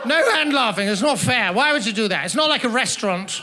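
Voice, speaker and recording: A man's voice: high voice, expressive, quick pace. A man doing stand-up comedy on a festival stage, teasing the audience with florid, mock-formal, pompous phrasing into a handheld mic. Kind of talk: stand-up comedy with crowd work. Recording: noisy live audience laughter.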